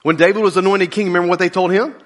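A male pastor preaching a sermon, joking with the congregation and dropping low and slow for key points. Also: steady tone.

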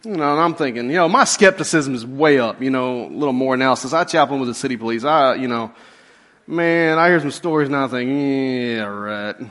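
A middle-aged man, a pastor, telling a funny personal story in a sermon and swinging from loud outbursts to hushed asides. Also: mid-range voice, fast. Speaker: pastor and police chaplain.

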